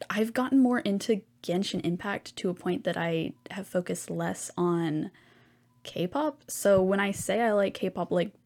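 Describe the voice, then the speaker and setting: A woman's voice: medium pitch, darkish tone. A young woman hosting a solo podcast, chatting casually and rambling with lots of ums and side comments. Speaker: podcast host.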